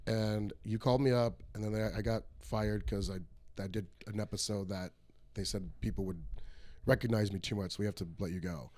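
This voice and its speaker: A man hosting a comedy podcast in a studio, chatting in a relaxed, easygoing way. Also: on the low side, fairly quick. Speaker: podcast host. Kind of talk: casual chat.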